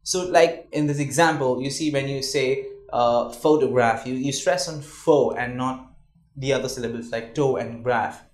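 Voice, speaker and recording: A man's voice: mid-range voice, moderate pace. Man lecturing in a roomy classroom. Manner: conversational, repeats words, asks "all right?". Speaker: communication trainer.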